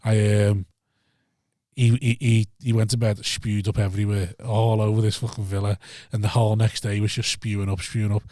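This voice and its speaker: A man's voice: lowish voice, level tone, moderate pace, dark tone, no echo, clean studio sound. A man, co-hosting a podcast and telling stories with lots of swearing and acted-out quotes. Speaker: podcast co-host. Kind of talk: casual chat.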